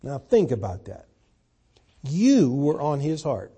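A man preaching a sermon, pressing key points hard and then dropping to a soft, hushed voice. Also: mid-range voice, big pitch swings, slow, long pauses, breathy edge. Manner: emphatic, swings from loud to soft.

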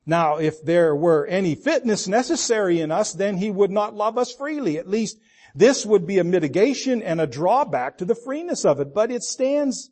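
An older man preaching a sermon as pastor, stretching key words for emphasis and dropping into soft, low asides. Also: very animated, measured pace, slightly rough.

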